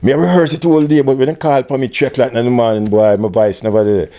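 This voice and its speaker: An older Jamaican man telling an animated story in an interview, with patois phrasing, acting out other people's voices. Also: fast. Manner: animated storyteller, acts out quoted voices at high pitch. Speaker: interviewee, music tour manager.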